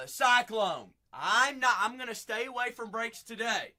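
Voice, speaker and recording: A man's voice: high voice, animated, slow, bright, forceful tone. Chatty Southern man hosting a stream. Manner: chatty, drawling, talks to viewers by name. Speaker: card break host. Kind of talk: live-stream card break chat.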